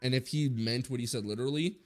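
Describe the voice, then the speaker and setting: A man's voice: medium pitch, quick pace, soft background music. A man in his twenties giving a blunt, rambling opinion rant full of swearing, as a streamer talking to his viewers.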